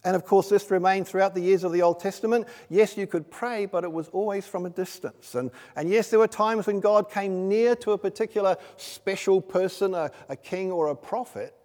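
A man's voice: high voice, moderate pace, hardly any pauses, darkish tone. A man preaching a sermon in a church, conversational and full of rhetorical questions and personal stories. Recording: long reverb of a large hall.

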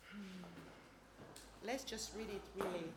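A woman preacher speaking slowly and deliberately, in a calm, unhurried way. She moves between teaching and leading a guided prayer, and sometimes drops to a soft, earnest voice. Her words ring out in an echoey room with a faint hum of ambience behind her. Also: mid-range voice.

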